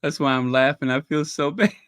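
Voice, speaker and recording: A man's voice: fairly high pitch, fairly quick, a bit bright, clean tone, dry recording, clean studio sound. A man hosting a casual livestream, reading viewers' messages aloud in a chatty, apologetic way and laughing nervously. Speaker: channel host reading live chat.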